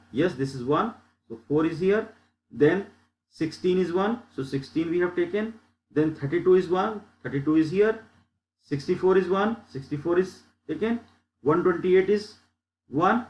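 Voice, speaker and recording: A man's voice: a little high, echoey room, lo-fi sound. A man teaching a lecture over slides, explaining step by step and often repeating himself.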